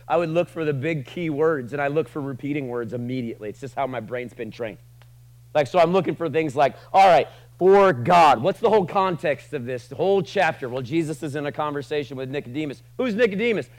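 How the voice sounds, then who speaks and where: A man preaching a sermon to a room, casual and joking, swinging from loud passionate lines to quiet asides. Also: mid-range voice, low-quality recording. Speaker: pastor.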